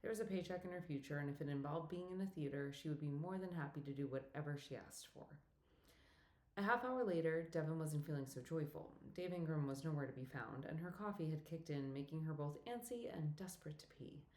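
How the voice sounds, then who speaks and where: A woman reading a romantic comedy novel aloud as audiobook narrator, in a steady, even storytelling manner. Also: deep voice, a little fast. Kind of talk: scripted narration. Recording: roomy echo.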